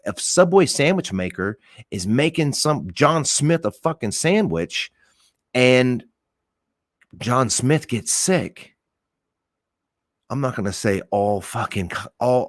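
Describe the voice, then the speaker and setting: A man's voice: mid-range voice, dry recording. A man, a police officer, giving his blunt, emphatic opinions on a podcast, swearing and repeating points for stress.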